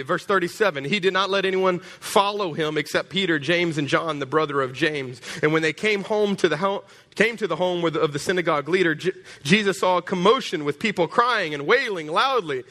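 A man preaching a sermon as pastor, animated and joking, acting out voices. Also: a little high, brisk. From Texas.

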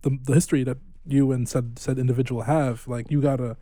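A man's voice: mid-range voice, level tone, brisk, mellow, no echo. A man co-hosting a podcast in casual chat, talking in a supportive way with lots of filler words. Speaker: podcast co-host and DJ.

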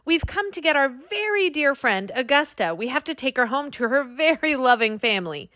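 Eager bold young girl, woman reader doing her, high lively voice. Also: normal speed, dry recording, heavily acted. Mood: earnest.

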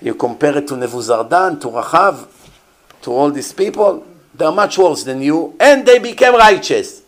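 A man's voice: a little high, expressive, normal speed. A man teaching as a rabbi in an earnest, emphatic sermon, often repeating rhetorical questions.

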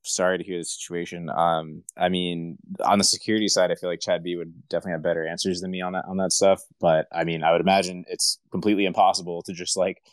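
A man with a very deep voice co-hosts a live audio chat. His tone is smooth and close, with no room sound. He talks in a laid-back, hesitant way full of fillers. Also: level tone, quick pace, few pauses, dry recording. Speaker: co-host.

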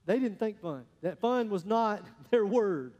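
A high-pitched pastor delivers a folksy, storytelling sermon to his congregation, animated yet unhurried. The lo-fi recording catches his voice ringing through a big hall with a long reverb tail as he swings between loud bursts and hushed asides.

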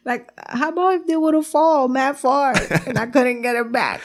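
A woman with a gravelly edge tells a funny story in loose, animated chat. She switches between English and Spanish mid-sentence and swears freely, laughing often as she talks. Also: high-pitched, normal speed. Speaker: girlfriend telling stories about her partner.

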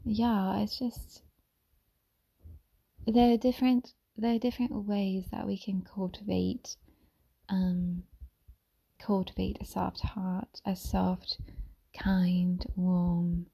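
Mom doing soft asmr-style talk, gentle and half whispered, gravelly fry in her voice, rambles a bit with ums. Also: mid-range voice. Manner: meandering, with many fillers and restarts. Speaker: mother sharing reflections.

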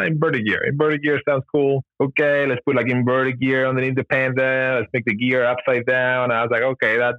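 A podcast guest who founded a gear company tells his story casually in an interview, his medium-pitched voice captured in dull audio with no echo. He rambles loosely, leans on "like" and "you know," and often laughs at himself.

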